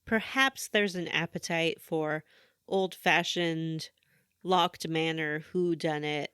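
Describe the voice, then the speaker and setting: Female podcast co-host, deadpan teasing trivia reader, dry close mic. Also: low voice, slow pace, clear, resonant tone, no echo. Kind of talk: casual podcast chat.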